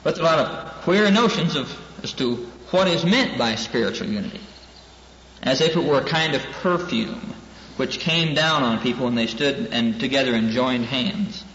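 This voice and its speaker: A man's voice: medium pitch, moderate pace, fairly bright tone. A male minister teaching a class in an earnest preaching style, repeating key lines for emphasis. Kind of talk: preaching lecture. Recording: dull echoey hall with faint hiss.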